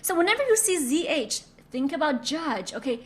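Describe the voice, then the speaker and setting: A woman from China teaching a Mandarin pronunciation lesson, drilling sounds slowly with repeated examples. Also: high voice, sing-song. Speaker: Chinese language teacher.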